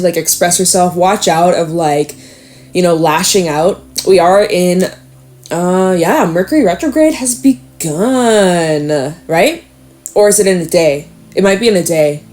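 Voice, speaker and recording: A young woman with a fairly low voice talks through a tarot reading in a relaxed, chatty way. She uses lots of fillers and now and then breaks into high, dramatic little impressions. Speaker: tarot reader. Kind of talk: casual tarot reading monologue.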